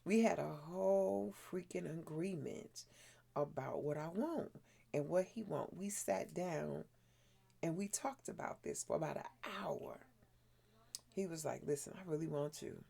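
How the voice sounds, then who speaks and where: A woman's voice: lowish voice, animated, measured pace, gravelly, mellow. A middle-aged woman hosting her own channel, telling a frank, blunt story in casual chat while doing her skincare. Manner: frank, blunt, laughs often. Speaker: vlogger host.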